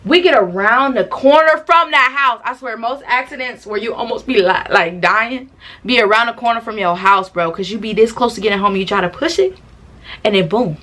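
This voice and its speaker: Slangy, animated woman telling a story. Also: a little high, moderate pace. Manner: animated, slangy, acts out quotes. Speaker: storytime vlogger. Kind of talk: casual storytelling to camera.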